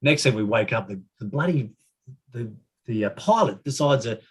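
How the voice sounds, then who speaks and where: A man's voice: medium pitch, animated, normal speed, breathy edge. An Australian man in his fifties, a former footballer on a podcast, telling rambling, chuckling stories with many restarts. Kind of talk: casual storytelling.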